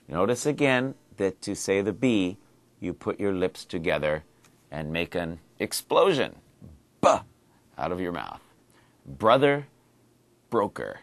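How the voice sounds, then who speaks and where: Slow, lively pronunciation teacher, man. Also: low-pitched, no echo. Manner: clear, deliberate, repeats sounds and words for drilling. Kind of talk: slow, exaggerated pronunciation lesson.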